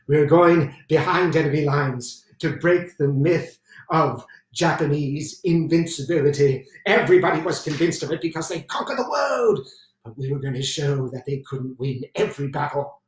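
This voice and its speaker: An actor in a one-man show playing an intense, excitable British WWII general, performing a theatrical solo stage monologue and repeating phrases for emphasis. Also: fairly high pitch, slight background noise, lightly acted. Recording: roomy sound from a distant mic.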